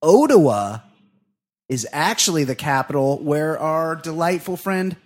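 Excitable profane male podcast host. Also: fairly high pitch, unhurried. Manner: profane, excitable, laughing banter. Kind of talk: casual comedy podcast chat.

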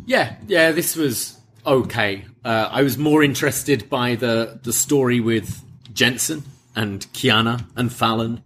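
A man co-hosting a casual wrestling chat, relaxed and a bit hesitant. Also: medium pitch, measured pace, a little hiss or hum. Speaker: wrestling podcast co-host.

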